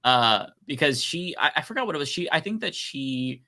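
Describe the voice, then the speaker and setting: A man's voice: a little high, lively intonation, moderate pace, pushed and bright. A man co-hosting a casual political chat show, ranting animatedly with swearing and laughter. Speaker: podcast co-host.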